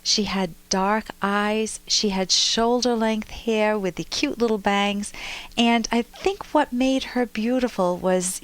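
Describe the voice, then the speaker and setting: A woman psychologist and podcast host gives relationship advice and tells lively, detailed stories. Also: on the high side, dry recording. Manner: warm, lively storytelling with vivid detail. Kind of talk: relationship advice talk and storytelling.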